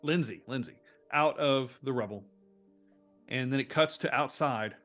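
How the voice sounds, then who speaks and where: Animated male game master narrating. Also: mid-range voice, unhurried, faint music behind. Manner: animated storytelling with frequent restarts. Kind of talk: narrating a tabletop role-play game.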